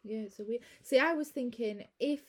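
Husky-voiced woman recapping a film. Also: a little high, normal speed. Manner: chatty, laughs easily, retells scenes. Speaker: podcast host. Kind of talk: casual film recap chat.

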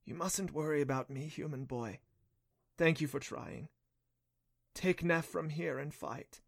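A man voicing a gentle, dying female water spirit who speaks softly and solemnly. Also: on the high side, measured pace, creaky, no echo, clean studio sound. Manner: soft and solemn.

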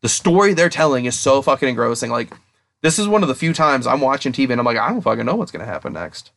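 A young man co-hosting a casual podcast, rambling excitedly and swearing constantly as he retells a story. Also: mid-range voice, fast talker, creaky. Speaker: podcast co-host. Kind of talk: casual chat.

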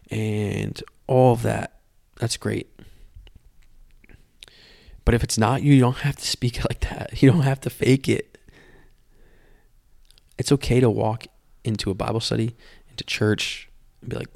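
A young man hosting a podcast, telling his personal testimony in an earnest, halting way that often repeats words. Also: mid-range voice, fairly even intonation, gravelly, darkish tone, dry recording, clean studio sound. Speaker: podcast host.

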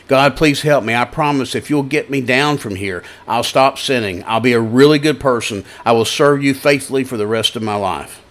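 A man voicing a panicked man dangling from a cliff, stammering and yelling frantically for help in a high, loud voice. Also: normal speed, few pauses, close to an everyday voice. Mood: pleading.

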